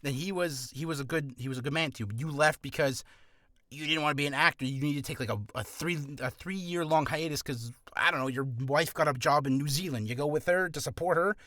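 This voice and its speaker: A man's voice: on the high side, brisk, bright, forceful tone, no room sound, studio quality. A man who is a voice actor, giving casual advice in a rambling, self-deprecating, jokey vlog.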